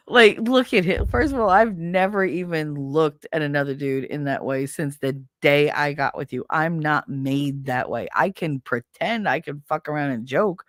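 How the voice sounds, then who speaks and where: A middle-aged woman with a lowish voice hosts a casual live podcast, swinging into blunt, heated, profane rants. Her voice sounds dry and close, with no room around it. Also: no room sound. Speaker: podcast host. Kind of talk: casual livestream chat.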